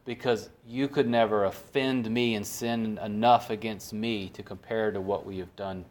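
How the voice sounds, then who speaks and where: A man with a somewhat low voice leads a conversational Bible study. He keeps putting questions to his listeners and then answers them himself. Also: steady tone, normal speed, a little mellow. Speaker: Bible teacher.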